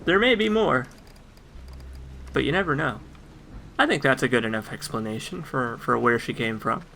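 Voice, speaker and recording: Man commentating a game, gravelly voice, bright tone, joking and sarcastic. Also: mid-range voice, lively intonation, moderate pace, a little hiss or hum. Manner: wry, joking, sarcastic asides. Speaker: let's play commentator.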